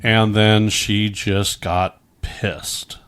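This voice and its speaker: A man's voice: lowish voice, flat delivery, drawn-out words, a bit bright, clean tone. A man recounting a personal story as a podcast guest in a casual way, often restarting his sentences. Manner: recounts events with frequent restarts and quoted exchanges.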